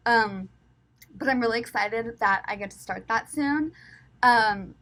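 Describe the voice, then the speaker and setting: A woman's voice: fairly high pitch, bright, forceful tone. A young woman with a light Southern US accent, chatting casually and rambling as she talks to her vlog audience. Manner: chatty and rambling, thinking aloud. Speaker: travel vlogger.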